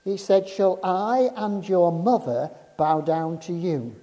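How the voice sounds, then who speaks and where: Man, preacher, slow deliberate sermon, mellow dark tone, long hall reverb. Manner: measured, emphatic preaching that drops low and soft on key phrases.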